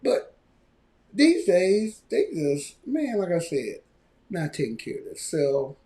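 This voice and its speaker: A man rants on his live podcast, his pitch sitting a little high and swinging widely. He talks loudly and with mocking energy, breaking into put-on voices to make fun of people. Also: slow pace. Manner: loud, animated ranting with mocking quoted voices. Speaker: podcast host.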